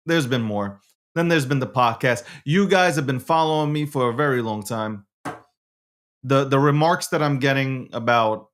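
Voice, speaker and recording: Brash, profane male show host. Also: moderate pace. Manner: brash, profane, swings from low mutter to loud rant. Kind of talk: animated solo monologue.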